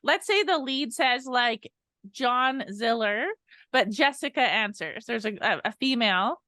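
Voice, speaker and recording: A young adult woman co-hosting a sales podcast, upbeat and energetic, laughing often as she coaches. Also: a little high, normal speed, no echo.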